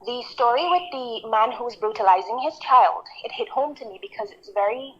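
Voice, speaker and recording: A woman's voice: fairly high pitch, lively intonation, normal speed, a little hiss or hum. A woman caller who is emotional, speaking hesitantly and apologetically over the phone. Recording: muffled phone call.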